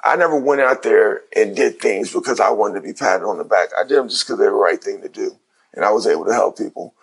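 Gravelly, husky man telling a story. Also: lowish voice, fast. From Ohio. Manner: animated retelling with quoted dialogue, slangy. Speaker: guest, former pro basketball player. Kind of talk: casual storytelling.

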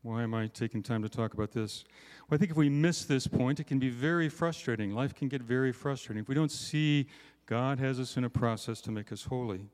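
A man's voice: medium pitch, brisk, few pauses, a little mellow, in a large hall. A man giving a conversational, self-deprecating sermon at a conference, often checking in with "right?" asides. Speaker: conference speaker.

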